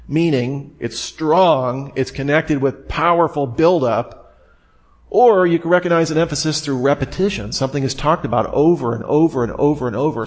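A man preaching a sermon in a conversational way, rising sharply in pitch for emphasis and mock surprise. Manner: conversational preaching with fillers and quoted dialogue. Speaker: pastor.

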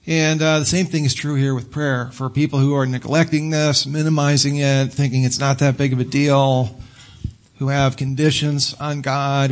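A male pastor preaching a sermon in a conversational, animated way. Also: medium pitch. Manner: conversational and animated, acting out quotes with laughs.

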